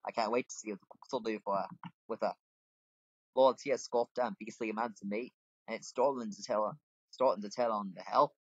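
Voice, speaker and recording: A man voicing a gruff, blunt male tavern keeper in a put-on brogue, reading game dialogue aloud. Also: lowish voice, fairly even intonation, brisk, dry recording. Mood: hearty. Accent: put-on Scottish-style brogue. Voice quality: rough, hearty, calls people laddie. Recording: dull lo-fi home mic.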